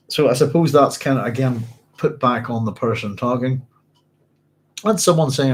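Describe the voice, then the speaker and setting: A man's voice: mid-range voice, moderate pace, long pauses, poor audio. A man hosting a book club at home, reading a novel aloud and musing over it in a rambling, self-correcting way.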